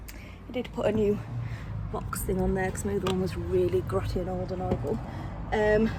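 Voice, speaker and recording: A woman's voice: mid-range voice, a little mellow, slight background noise. Chatty British woman vlogging at home. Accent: British English. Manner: chatty, rambling, self-deprecating, lots of fillers. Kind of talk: casual home vlog chat. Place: at home indoors.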